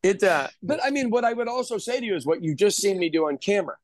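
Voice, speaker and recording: Candid, chatty chef telling stories. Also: male voice, high voice, lively intonation, quick pace, no room sound. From Kansas City area, USA. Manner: candid, self-deprecating, swears casually. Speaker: podcast guest chef. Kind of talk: casual storytelling chat.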